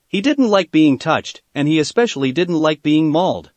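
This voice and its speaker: A man reading a fan fiction story aloud, steady and plain in his storytelling. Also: fairly high pitch, normal speed, hardly any pauses, no echo. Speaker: narrator.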